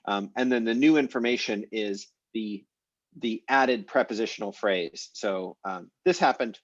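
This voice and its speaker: A man with a lowish voice lectures an online language class at an easy, explanatory pace, full of ums and restarts. The sound is dry and slightly dull, with no room around it. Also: no room sound. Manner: explanatory, casual, many fillers. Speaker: language teacher.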